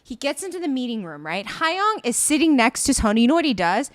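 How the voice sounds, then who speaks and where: Animated, excitable woman recapping. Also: high-pitched, brisk, a crowd in the background. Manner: excited, animated recapping that acts out the characters' lines. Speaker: podcast co-host. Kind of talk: casual recap chat.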